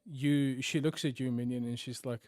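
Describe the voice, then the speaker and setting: A man narrating a tabletop game as game master, often sinking to hushed tones for dramatic moments. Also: mid-range voice, fairly even intonation, moderate pace, dry recording, clean studio sound.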